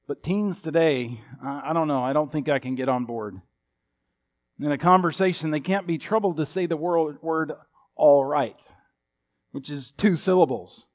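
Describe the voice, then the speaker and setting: A man's voice: fairly high pitch, moderate pace. A man in his fifties preaching a sermon in a folksy, humorous storytelling manner. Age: 50s. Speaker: pastor.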